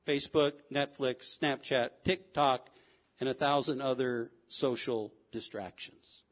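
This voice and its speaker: A man preaching a sermon in a church, swinging between loud fervent cries and low quiet asides. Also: steady tone, a little slow. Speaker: pastor. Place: church sanctuary.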